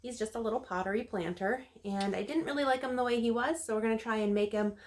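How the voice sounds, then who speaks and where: A woman's voice: on the high side, fast, a little mellow. A woman hosting her own DIY channel, talking viewers through a craft project step by step in a casual, friendly way. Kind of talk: casual how-to narration.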